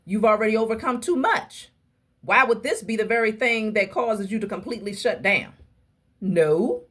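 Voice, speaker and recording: A woman giving a casual tarot reading to her viewers, talking emphatically and in a preachy way straight to them, with a husky voice. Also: a little high, moderate pace, a bit bright. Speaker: tarot reader.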